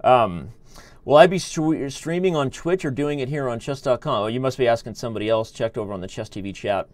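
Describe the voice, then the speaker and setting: A man's voice: medium pitch, brisk, a little mellow. Jokey man hosting a chess live stream. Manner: rambling, jokey, reads chat aloud. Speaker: chess streamer and show host. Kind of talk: live-stream chat commentary.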